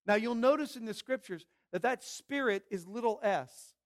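A man's voice: extremely high pitch, lively intonation, moderate pace. A man preaching a Sunday morning sermon as pastor, emphatic, repeating phrases and asking the congregation questions.

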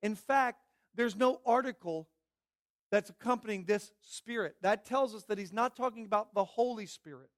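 A man's voice: high-pitched, moderate pace. A man preaching a Sunday morning sermon as pastor, emphatic, repeating phrases and asking the congregation questions.

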